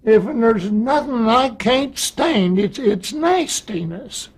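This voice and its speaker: A man imitating a fussy rural man with a thick Oklahoma drawl, slow and thick-voiced. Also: extremely high pitch, expressive, breathy edge, pitched above the performer's own voice, heavily acted.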